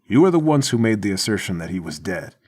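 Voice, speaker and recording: A man's voice: lowish voice, sing-song, fast talker, a little mellow, husky, pitched below the performer's own voice. A man voicing a stubborn, hulking prison boss in a tabletop game, stern and formal.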